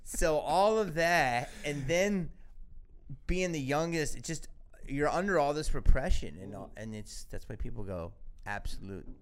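A man from Philadelphia hosting a podcast, talking in casual chat, animated, swearing and jumping into quoted voices. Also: on the high side, measured pace. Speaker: podcast host.

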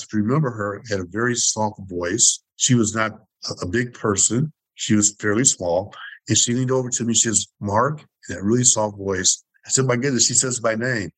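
A man's voice: on the low side, fairly bright tone, no room sound, rough recording. A man in his sixties from Detroit, telling stories as an interview guest in an emphatic way, repeating phrases for effect. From Detroit, Michigan. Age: 60s. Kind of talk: reflective storytelling.

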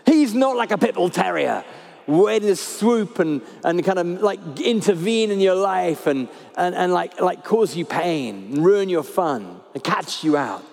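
A man preaching a sermon, speaking with lively emphasis and repeating his key phrases. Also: high voice, unhurried, creaky, in a large hall. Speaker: pastor. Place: church hall.

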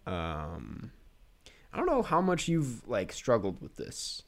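A man's voice: fairly low pitch, wildly swooping pitch, slow pace. A man co-hosting a podcast, chatting casually, laughing often and using many fillers. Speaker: podcast co-host. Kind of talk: casual chat.

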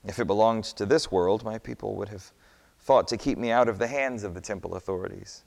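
A man voicing a quiet, calm prisoner. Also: lowish voice, creaky. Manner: quiet, measured. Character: calm soft-spoken condemned prisoner, man. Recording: long hall reverb.

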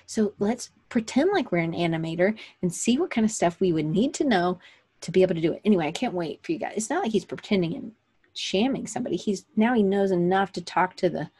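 A woman's voice: medium pitch, lively intonation, fast, darkish tone, husky. A woman hosting a live online session, talking casually in a chatty, rambling way with many fillers and self-corrections. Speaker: host of a live online session for creative business owners. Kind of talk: casual livestream talk.

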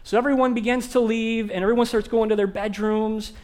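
Young guy pastor, highish voice, goofy self-mocking christmas travel story. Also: a little fast. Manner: animated, self-mocking humor. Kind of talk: storytelling sermon.

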